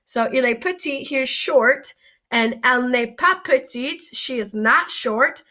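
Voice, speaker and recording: Woman, French teacher, slightly high voice, patient and slow, puts questions to the class. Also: bright, forceful tone. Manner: patient, explains each word slowly and asks the students questions. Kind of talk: recorded vocabulary lesson.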